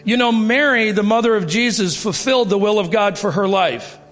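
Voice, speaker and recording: Animated fifty-something man testifying in a church hall. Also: high voice, moderate pace. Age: 50s. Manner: animated storytelling, acting out quoted dialogue, laughing at himself. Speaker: guest speaker giving testimony. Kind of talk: testimony and preaching to a congregation. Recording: reverberant hall with faint music.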